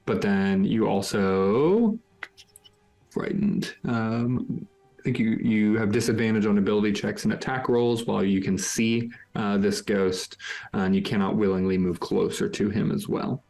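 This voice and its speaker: A man narrating as game master of a tabletop game, hesitant, with many pauses and restarts. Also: fairly low pitch, gravelly, darkish tone.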